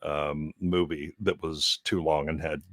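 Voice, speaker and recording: Deep-voiced rambling man. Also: little pitch movement, measured pace, fairly bright tone, dry recording, clean studio sound. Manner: rambling, many restarts and fillers. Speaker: guest co-host. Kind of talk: casual podcast chat.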